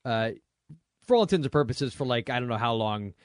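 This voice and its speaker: A man co-hosting a casual movie podcast, joking and animated, often tripping over his words. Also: medium pitch, a little fast, dry recording, clean studio sound. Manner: animated, joking, stumbles and restarts. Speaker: podcast co-host.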